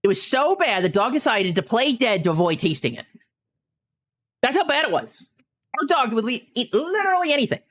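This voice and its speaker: A male streamer spins a funny anecdote in an easy, chatty way. His pitch swings high and low as he tells it. He keeps slipping into bursts of laughter. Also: brisk. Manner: animated anecdote-telling, often breaking into laughter. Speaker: gaming streamer. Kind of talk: casual storytelling while streaming.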